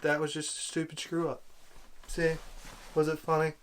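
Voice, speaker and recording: A man's voice: fairly high pitch, completely flat delivery, moderate pace, smooth. A man giving an angry, sarcastic movie review rant, exasperated and repeating himself. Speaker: video blogger.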